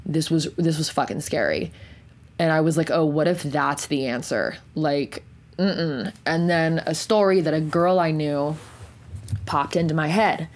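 Young woman with a low voice, rambling, profane first-person storyteller who drops to a hush at the heavy moments. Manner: profane, rambling, many "like" fillers; slows and drops to near whisper on intense moments. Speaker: podcast host.

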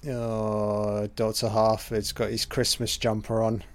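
A man's voice: lowish voice, completely flat delivery, slow pace. A man giving a casual, sweary live commentary over a film as it plays.

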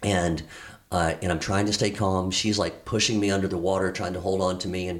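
Deep-voiced man telling his story earnestly. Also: little pitch movement. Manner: earnest, halting, many fillers and restarts. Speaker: podcast guest. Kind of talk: candid personal storytelling.

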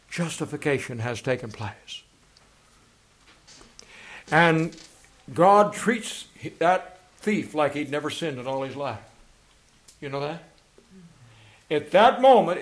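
High-voiced fervent preacher, a man. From England. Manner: fervent preaching, swings from loud to hushed; reads passages aloud from books. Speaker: pastor. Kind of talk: sermon.

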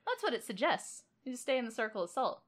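A playful woman co-host on a chatty podcast, laughing easily and acting out quoted lines. Her voice sits a bit high. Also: big pitch swings, a little fast. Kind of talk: casual chat.

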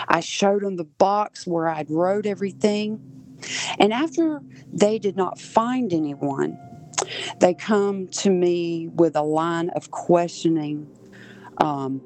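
Slow-spoken woman from Georgia. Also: on the low side, darkish tone. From Southern Georgia, USA. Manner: earnest, re-enacts overheard voices. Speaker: guest. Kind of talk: personal storytelling.

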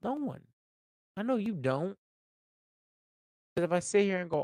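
A man hosting a podcast, talking casually in an animated, profane, rambling way with many fillers. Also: sits high, measured pace, pauses often, no echo, low-quality recording. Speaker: podcast host.

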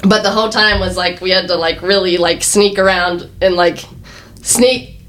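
A woman's voice: on the low side, fairly even intonation, moderate pace, a bit bright. A young woman, a chef and podcast guest, telling stories in a chatty way with lots of fillers and laughter. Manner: chatty storytelling, frequent "like" and laughter. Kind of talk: casual interview chat.

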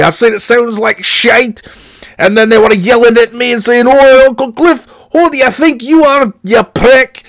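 A man's voice: very high-pitched, fairly bright tone, dry recording, pitched above the performer's own voice, exaggerated voice. A man voicing a crude, angry old Scottish uncle leaving a rambling voicemail, in a put-on Scottish accent, repeating the nephew's name over and over. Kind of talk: comedy podcast bit.

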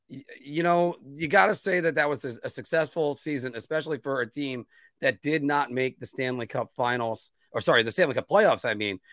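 Chatty sports podcast host, dry sound. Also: male voice, medium pitch, fairly bright tone, no echo. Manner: promotional, chatty, frequent fillers. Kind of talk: casual sports talk.

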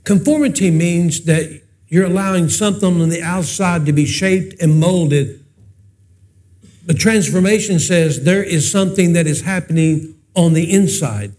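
A pastor preaches in a high, bright-pitched voice. He tells folksy, funny stories and keeps turning to the congregation with questions. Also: unhurried. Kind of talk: humorous preaching with personal stories.

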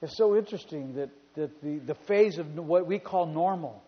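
High-voiced preacher in a reverberant hall. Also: male voice, moderate pace. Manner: animated storytelling, repeats phrases for emphasis. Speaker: pastor. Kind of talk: sermon. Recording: reverberant hall, dull sound.

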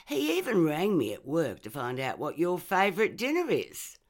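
A woman voicing a warm, fussing middle-aged mother in a story reading, high and bright. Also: wildly swooping pitch, moderate pace, full character voice. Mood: doting.

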